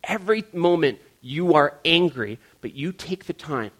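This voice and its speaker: A male pastor delivers a sermon in a relaxed, humorous, conversational style. His voice sits a little high for a man, and he keeps speaking directly to his listeners as guys. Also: normal speed.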